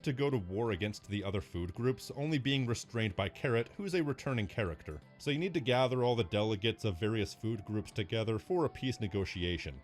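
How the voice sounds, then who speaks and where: A man's voice: lowish voice, expressive, faint music behind. Wry male video narrator. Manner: wry, measured commentary. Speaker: video essayist.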